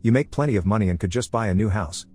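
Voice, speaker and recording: A man's voice: on the low side, animated, quick pace, a little mellow, slightly rough, faint music behind. A man voicing a domineering, entitled middle-aged mother in a narrated story, commanding and self-righteous.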